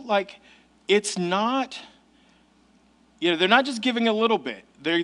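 A male pastor delivers a sermon in a conversational tone. His voice sits high, and he stresses key points with casual asides. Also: expressive, unhurried, long pauses, fairly bright tone.

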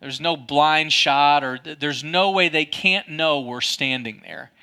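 A man preaching a sermon, telling a personal story with a loud, booming voice. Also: unhurried, smooth. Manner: storytelling, dramatic, self-mocking. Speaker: pastor.

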